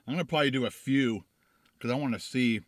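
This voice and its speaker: A man's voice: medium pitch, fast, dry recording. Middle-aged man reviewing food with mouth full. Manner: eating while talking, mouth full. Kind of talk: casual food review vlog. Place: in a car.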